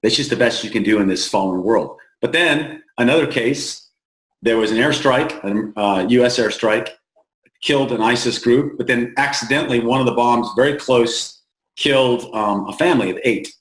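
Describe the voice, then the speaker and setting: An American man speaks plainly and earnestly as an interview guest, with frequent restarts and a slower pace when he stresses a point. His voice sits at a middle pitch. The room adds a clear echo. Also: a bit bright. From United States. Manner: plain-spoken, halting restarts, slows for emphasis. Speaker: founder of an aid group, interview guest. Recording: roomy echo.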